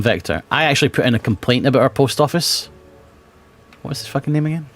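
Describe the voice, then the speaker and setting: Brief: chatty British male streamer, sweary, mid-pitched, mutters then bursts out. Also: fast. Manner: chatty, sweary, swings from mumbling to excited. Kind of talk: casual gameplay chat.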